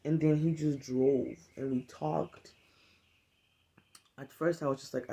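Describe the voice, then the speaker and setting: A woman's voice: low-pitched, fairly even intonation, slow, gravelly, mellow. A woman speaking to camera in a casual, earnest, heartfelt monologue. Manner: earnest, conversational, emphatic. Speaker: vlogger.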